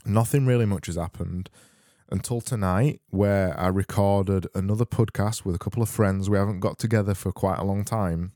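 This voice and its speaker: Rambling deadpan man, low dark voice. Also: moderate pace, no echo, studio quality. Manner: rambling, deadpan, repeats and restarts phrases. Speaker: podcast host. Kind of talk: solo comedy podcast rambling.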